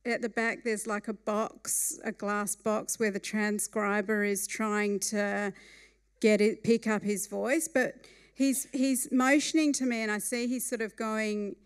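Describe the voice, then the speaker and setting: A woman telling a funny true story at a live storytelling night, with a wry and lively manner. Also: medium pitch, measured pace, clean tone.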